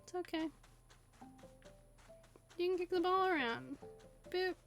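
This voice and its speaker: A high-pitched woman chats playfully through a video game, quick to laugh and full of asides. Her voice is close on a desk condenser mic in a home setup, with faint game music underneath. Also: vocal fry. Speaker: streamer. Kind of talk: casual gameplay commentary. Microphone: desk USB condenser mic.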